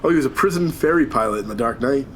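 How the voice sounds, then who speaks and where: A man's voice: medium pitch, expressive, quick pace, a bit bright, a little hiss or hum. A man casually commenting on a video game, joking and rambling as he goes. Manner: joking, rambling, self-deprecating. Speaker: let's play commentator.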